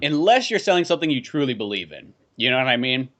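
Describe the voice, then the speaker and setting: A man co-hosting a comedy podcast, telling animated stories in casual chat and slipping into put-on voices. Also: medium pitch, fast. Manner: animated storyteller, slips into put-on character voices. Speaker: podcast co-host.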